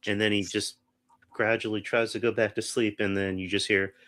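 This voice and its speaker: A man's voice: lowish voice, level tone, moderate pace, a bit bright. A man co-hosting a podcast, chatting casually through a movie review, rambling with restarts. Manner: rambling, full of restarts and acted-out quotes. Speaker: podcast co-host.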